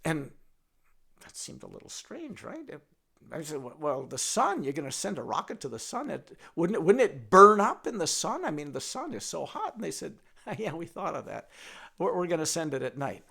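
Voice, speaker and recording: An older man telling a folktale in a lively, playful way, now and then talking to his donkey puppet. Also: on the high side, normal speed, creaky, breathy edge. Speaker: storyteller.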